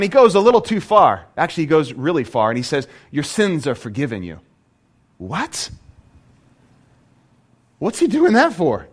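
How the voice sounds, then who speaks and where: A man preaching a sermon as a pastor, animated and full of rhetorical questions. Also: high-pitched.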